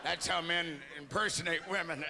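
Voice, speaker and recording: Middle-aged stand-up comic with a raised, gravelly voice; animated and acts out lines; live club sound. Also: male voice, on the high side. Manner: animated, acts out quick dialogues. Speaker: stand-up comedian. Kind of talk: stand-up comedy. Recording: live comedy club, loud crowd noise.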